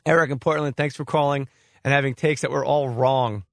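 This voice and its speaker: A man's voice: mid-range voice, fairly even intonation, fairly quick, vocal fry, no room sound, clean studio sound. A man hosting sports talk radio, firing back sarcastic, combative comebacks at a caller. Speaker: radio host.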